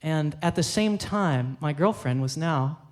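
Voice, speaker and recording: A man, the band's violinist, telling an animated story on a theater stage into a stage microphone, acting out scenes with sudden jumps in pitch. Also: unhurried. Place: theater stage at a live concert.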